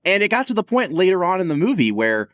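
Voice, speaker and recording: Man, podcast co-host, casual film chat, opinionated, very expressive pitch. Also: fast talker, no room sound, studio quality. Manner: animated, opinionated, laughs often.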